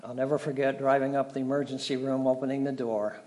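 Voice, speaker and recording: A middle-aged male pastor preaching a sermon, telling stories with dramatic shifts between loud and soft. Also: medium pitch, level tone, fast. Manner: storytelling, dramatic shifts in volume.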